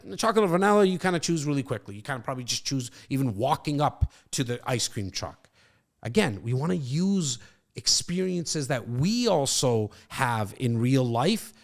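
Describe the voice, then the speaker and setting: A man giving blunt sales coaching, acting out both sides of a phone booking call and repeating key points for emphasis. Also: fairly high pitch. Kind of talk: coaching monologue with role-played calls.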